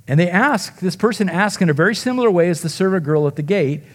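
Man preaching with dramatic hushes. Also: sits high, animated, fast, few pauses. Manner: dramatic storytelling, dropping to a hush for emotional moments; acts out the quoted voices. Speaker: pastor. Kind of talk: sermon.

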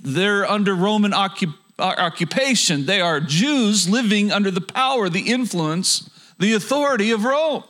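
Man, pastor, high voice, sermon, earnest, rhetorical questions, stumbling restarts. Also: animated, normal speed, a bit bright. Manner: frequent stammered restarts.

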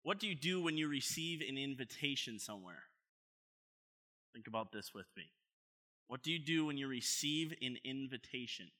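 A man's voice: mid-range voice, expressive, moderate pace, sharp tone. A man preaching a sermon as pastor, in a conversational, playful way, asking his congregation questions at a church service.

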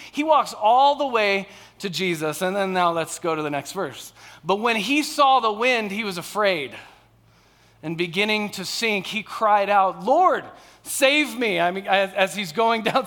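Man preaching on stage, chatty and engaging; notably high, sharp tone. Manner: conversational, frequent "all right?" and "okay?" check-ins. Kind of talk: sermon.

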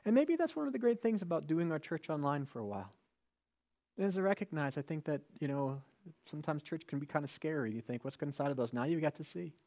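A man's voice: on the high side, expressive, fast, darkish tone. A male pastor giving a sermon in a conversational way, with rhetorical questions and emphatic repetition.

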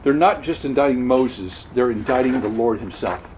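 A man preaching an expository sermon, earnest and halting, often repeating words and correcting himself mid-sentence. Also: mid-range voice, a little mellow, slight background noise, poor audio. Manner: earnest expository teaching, stresses key words.

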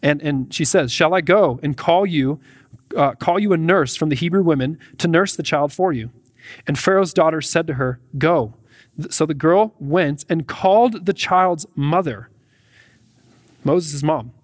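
A pastor preaching a sermon, reading scripture aloud and then explaining it in a conversational way. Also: male voice, fairly high pitch, a little slow, no room sound, clean studio sound.

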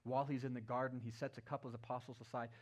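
A male pastor delivers a sermon to his church. He tells the story vividly. His voice climbs loud and high at key points and drops to a hushed murmur at others, from a middle-pitched baseline. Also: flat delivery, rapid-fire. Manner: retells the story vividly, swinging from loud and raised to hushed and low. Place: church service.

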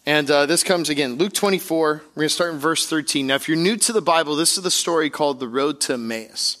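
Bright, high-voiced energetic male preacher. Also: fast. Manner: energetic, joking, conversational preaching. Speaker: pastor. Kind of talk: sermon. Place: church service.

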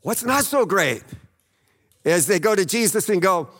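A man's voice: high voice, sing-song, unhurried, pauses often, fairly bright tone, husky, in a large hall. A man preaching a sermon, retelling a Bible story in a conversational way, often checking in with "okay?" and acting out the voices in it. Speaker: pastor.

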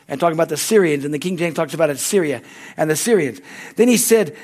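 A man's voice: high-pitched, lively intonation, brisk. A male pastor preaching a sermon with lots of energy, often calling out "Amen?" and restarting his sentences. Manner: restarts and repeated words.

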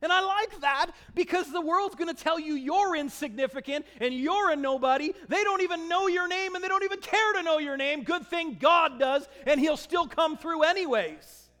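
A man preaching a sermon with passion, swinging between shouted declarations and hushed, drawn-out emphasis. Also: very high voice, long reverb tail.

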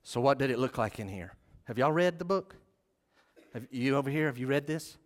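A man's voice: mid-range voice, expressive, a little fast. A man preaching a sermon as pastor, passionate and emphatic.

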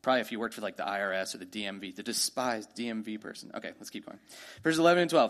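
A man preaching a sermon in a conversational way, often asking his listeners rhetorical questions and reading scripture aloud slowly. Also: lowish voice, fairly bright tone. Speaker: pastor.

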